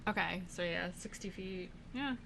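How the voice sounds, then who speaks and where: A woman's voice: lowish voice, normal speed, gravelly, bright, forceful tone. A woman narrating as dungeon master of a tabletop game, chatty and laughing often, thinking aloud with fillers.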